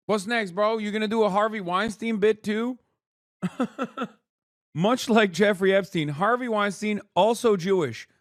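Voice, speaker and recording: A sarcastic man in his thirties streams political commentary, swearing freely and racing through headlines. His voice sits a little high, and the sound is dry and close. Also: no echo. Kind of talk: casual commentary.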